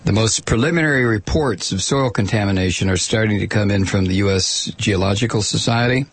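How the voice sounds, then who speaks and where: A man's voice: on the low side, brisk, a little hiss or hum. A man giving an informal spoken commentary, wry and sardonic, with offhand asides.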